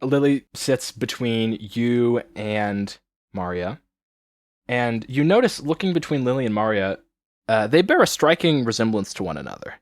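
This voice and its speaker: A man's voice: mid-range voice, moderate pace, dry recording, studio quality. Easygoing male game master narrating. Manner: relaxed and storytelling, with frequent fillers.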